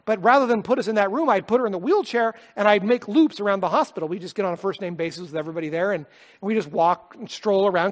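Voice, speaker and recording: A pastor with a high voice preaches a sermon built around a personal story, speaking earnestly from the heart and often sinking into a soft, quiet tone.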